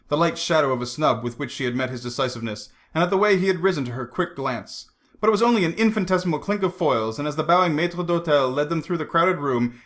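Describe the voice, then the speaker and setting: Male hobby audiobook reader, animated and quick, fairly high voice. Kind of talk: reading a novel aloud.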